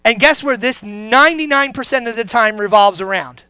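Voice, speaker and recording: A pastor preaching a sermon in a conversational, joking way, putting questions to the congregation and dropping low and grave for serious points. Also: normal speed, sharp tone, smooth, dry recording.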